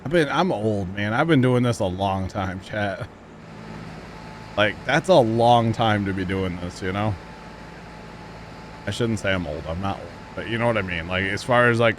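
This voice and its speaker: A man's voice: lowish voice, a little hiss or hum. A man livestreaming, chatting casually and rambling easygoingly to his viewers. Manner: rambling and easygoing, talks straight to chat. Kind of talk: casual chat to a livestream audience.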